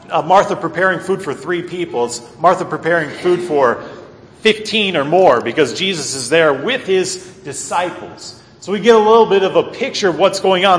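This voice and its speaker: Man preaching in an echoey hall. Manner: earnest, wide swings between loud emphasis and quiet low asides. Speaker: pastor. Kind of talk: sermon.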